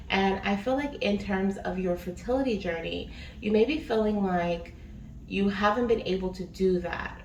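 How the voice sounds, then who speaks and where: A woman's voice: medium pitch, a little mellow. A woman giving a casual spiritual reading, chatty and rambling with many fillers. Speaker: spiritual reader. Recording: echoey room, distant mic, faint noise.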